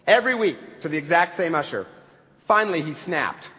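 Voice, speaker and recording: A man's voice: a little high, very animated, brisk, sharp tone. A man pastor giving a sermon, telling stories earnestly and building to emphatic peaks. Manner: earnest storytelling preacher, building to emphatic climaxes. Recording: reverberant hall, dull lo-fi sound.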